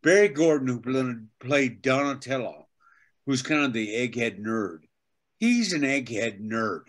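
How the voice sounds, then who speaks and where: An older man, a veteran voice actor and teacher, telling animated anecdotes as an interview guest. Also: medium pitch, unhurried. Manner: animated anecdotes, acts out quotes. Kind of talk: casual interview storytelling.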